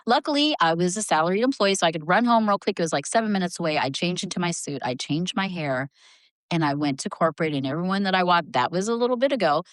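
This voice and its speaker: A middle-aged woman and HR leader, a podcast guest, telling a story in a lively conversational way. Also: fairly low pitch, quick pace, dry recording. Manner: animated, acts out voices in her stories.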